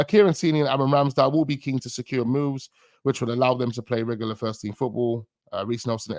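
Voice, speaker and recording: A man's voice: mid-range voice, darkish tone, dry recording, clean studio sound. A man hosting a football channel, talking in a rambling, slangy way with chuckling asides. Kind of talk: casual live-stream chat.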